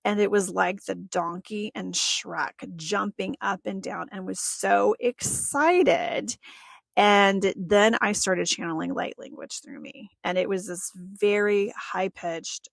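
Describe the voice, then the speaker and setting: A woman's voice: medium pitch, slow, gravelly, no echo. A woman hosting a podcast, telling a personal story in a chatty way, often laughing and acting out what people said. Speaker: podcast host.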